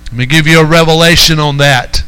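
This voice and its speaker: A man's voice: a little high, steady tone, fairly quick, bright, forceful tone, clean tone, soft background music, poor audio. A man preaching a sermon as pastor, driving his points home and calling out to the congregation. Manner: preaching with rising emphasis and call-outs to the congregation.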